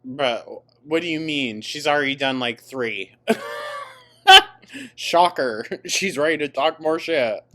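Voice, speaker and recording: Hosting a reaction commentary over a stream clip, a woman mocks and sneers, swearing and laughing often. Her voice is low and a bit bright, and she speaks slowly.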